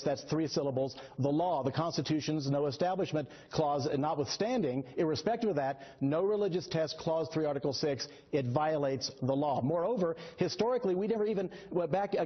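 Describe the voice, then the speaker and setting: A man arguing as a guest on a TV news show, excitable and sarcastic, talking over the host. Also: a little high, husky. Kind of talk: heated TV debate. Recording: dull lo-fi broadcast audio.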